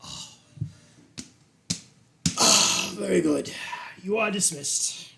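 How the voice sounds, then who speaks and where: Ein Mann spielt einen bedrohlich schnurrenden Herzog. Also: male voice, high voice, creaky, background noise, voice pushed up, exaggerated voice. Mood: gloating. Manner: soft, slow, menacing purr. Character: sinister old male duke, cruel and toying.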